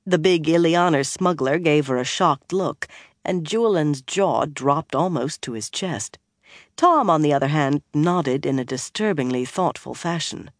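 An audiobook narrator reading a fantasy novel in an even, measured storytelling voice. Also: medium pitch, dry recording, clean studio sound.

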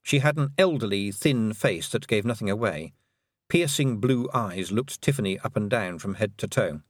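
Animated man reading a storybook. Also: on the low side, normal speed, dry recording, clean studio sound. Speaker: narrator. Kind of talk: audiobook narration.

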